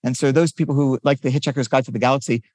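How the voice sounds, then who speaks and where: A man's voice: mid-range voice, fairly even intonation, very fast, darkish tone, no echo, clean studio sound. An older man, a physicist guest, explaining his research eagerly in a conversational interview, often restarting his sentences.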